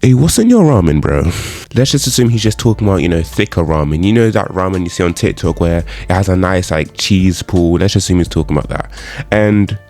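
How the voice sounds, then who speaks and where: A man's voice: low-pitched, brisk. A young man talking casually and jokingly as he rates meals in a vlog. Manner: joking, animated, slangy. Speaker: food vlogger.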